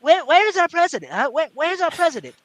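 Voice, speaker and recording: A man doing an impression of a blustering older male politician, slow and emphatic, in a casual chat. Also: very high-pitched, very animated, fairly bright tone, no echo, voice pushed up, heavily acted. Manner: slow, drawn-out, emphatic delivery.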